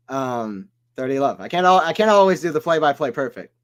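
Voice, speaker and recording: A man's voice: on the high side, expressive, fairly quick, few pauses, a bit bright. A man from the American South with an American accent, giving casual play-by-play commentary on a live stream and chatting with viewers. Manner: chatty, reads chat aloud and drifts off topic.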